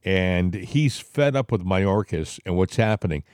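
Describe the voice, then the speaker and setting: A man's voice: deep voice, lively intonation, a little slow, darkish tone, dry recording, studio quality. A man with a Boston accent hosting a political talk show, rambling and indignant with plenty of filler words. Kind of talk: casual political chat.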